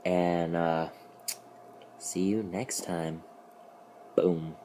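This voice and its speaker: A young man with a fairly low voice tells a story for his vlog. He rambles loosely and jokes as he goes, slipping in slangy asides. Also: steady tone, very slow, warm tone, slight background noise. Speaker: vlogger. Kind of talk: casual comic storytelling.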